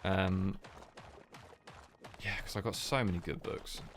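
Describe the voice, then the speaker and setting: A young man, chatting casually on a livestream in a soft, sleepy-sounding, rambling way with lots of fillers. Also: deep voice, steady tone, slow, a little hiss or hum. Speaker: streamer.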